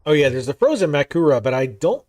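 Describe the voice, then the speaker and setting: Chatty male streamer, lively voice. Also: on the high side, fast, no room sound. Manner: rambling, chatty, reacts with laughs and asides. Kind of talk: casual gameplay commentary.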